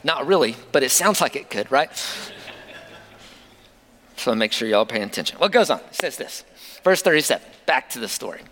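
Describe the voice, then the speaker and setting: A man's voice: mid-range voice, sing-song, fairly quick, pauses often, fairly bright tone, long reverb tail. A man preaching a sermon as a pastor, conversational, with many rhetorical questions to the congregation.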